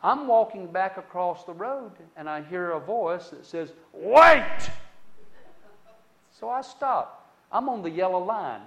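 A man's voice, on the high side, tells a conversational testimony story full of dramatic loud-to-quiet swings and asides to the listener. The recording's high frequencies are cut off.

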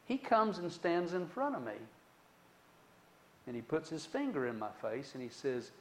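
A man telling a personal testimony story in a conversational way, with dramatic swings between loud and hushed delivery and many asides to the listener. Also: a little high, big pitch swings, moderate pace, pauses often, slight background noise.

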